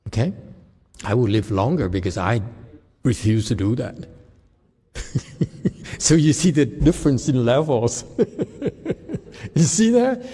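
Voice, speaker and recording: Man, meditation teacher, dharma talk, slow, husky, laughs often, asks "okay?", long hall reverb. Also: medium pitch, sing-song, warm tone.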